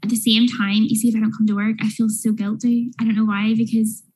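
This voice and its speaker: Podcast guest: young woman, breathy, chatty, loose delivery. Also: a little high, flat delivery, fast, darkish tone, poor audio. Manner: chatty, lots of fillers. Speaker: guest, small business owner. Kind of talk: casual podcast chat.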